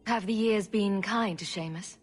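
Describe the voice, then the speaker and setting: Brief: actress as a confident adventurer heroine, calm and dry, husky voice. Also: female voice, mid-range voice, moderate pace, natural voice. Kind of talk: video game dialogue.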